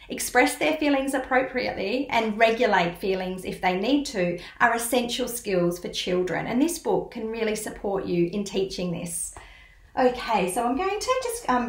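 A woman educator reading a children's book aloud and explaining it, in a teacherly way that asks the listener questions. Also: fairly high pitch. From Australia. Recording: roomy echo.

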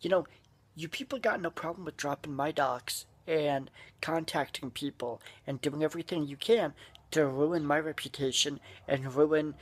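A man delivering an angry, profane rant straight to his online critics, often breaking into shouts. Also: a little high, husky. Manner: profane, furious, shouting bursts. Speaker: vlogger. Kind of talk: angry ranting monologue.

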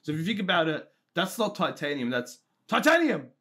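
A young man playing contestant in a friends' quiz, thinking out loud and giggling. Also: on the high side, fast talker. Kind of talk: casual joking banter.

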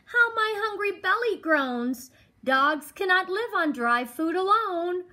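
A woman's voice: very high voice, lively intonation, takes it slowly, pushed and bright, pitched above the performer's own voice, exaggerated voice. A woman reading as a hungry pleading dog.

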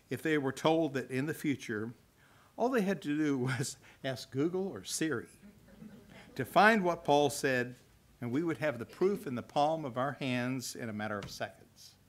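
An older man giving a folksy sermon, chuckling now and then and reading scripture aloud. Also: mid-range voice. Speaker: preacher. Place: church hall at a religious festival.

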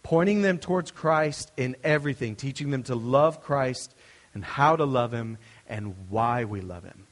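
A man's voice: mid-range voice, expressive, moderate pace, in a large hall. A young adult male pastor giving a conversational, story-driven sermon. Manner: storytelling, conversational, with restarts and asides.

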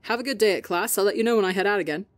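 A woman's voice: medium pitch, racing, no room sound, lightly acted. A woman voicing a cheeky young male spaceship pilot who breezily dodges a lecture. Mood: breezy. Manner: breezy, dodging, sing-song.

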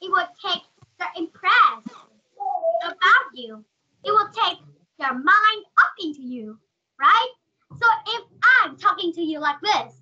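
A woman's voice: very high-pitched, lively intonation, measured pace, pushed and bright. A woman with a Vietnamese accent teaching an online class over a video call, asking questions and calling on students by name. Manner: calls on students by name, asks many questions. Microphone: computer mic on a video call. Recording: dull lo-fi video call audio.

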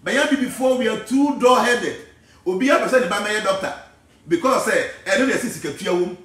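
A Ghanaian man holds forth in a preachy, digressive way, his voice pitched fairly high for a man. He sits well back from the microphone. Heavy room echo surrounds every word. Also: animated, brisk, a bit bright, recorded from a distance. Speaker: spiritual teacher. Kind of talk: casual talk mixing English and Twi.

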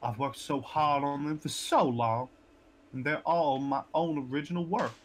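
A man's voice: on the high side, steady tone, normal speed, slight background noise, lightly acted. A man voicing an anxious, possessive male artist in a put-on Southern American accent while reading a note in a game. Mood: fretful. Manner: fretful, clingy, muttering.

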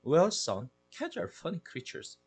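A man with a Korean accent voicing an easygoing father who explains things in a calm, reassuring way. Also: on the high side, measured pace, husky, voice pushed up, heavily acted.

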